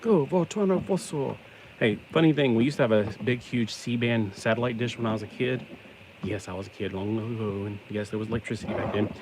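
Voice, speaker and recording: Middle-aged male vlogger, low voice, loose self-mocking banter, steady background noise. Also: quick pace. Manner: chatty, self-deprecating, joking asides. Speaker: toy-building vlogger. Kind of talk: casual rambling chat while building.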